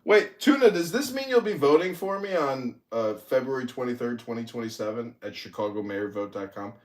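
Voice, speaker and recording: A man's voice: medium pitch, expressive, brisk, echoey room, voice pushed down, lightly acted. A man putting on a mock English accent, playing a pompous, indignant ranter who swears theatrically in a comic roast. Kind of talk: comic roast in an audio chat room.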